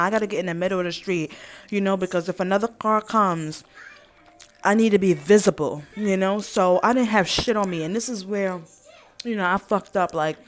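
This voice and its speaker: A young woman telling an emphatic, profane story on her vlog. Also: medium pitch. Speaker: vlogger.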